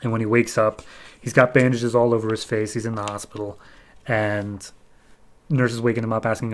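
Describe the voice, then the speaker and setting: A man's voice: fairly low pitch, little pitch movement, moderate pace. A man hosting a podcast, casually retelling a comic issue in a loose, chatty way. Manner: conversational, loose storytelling with frequent "he's like". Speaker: podcast host. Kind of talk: casual comic book recap.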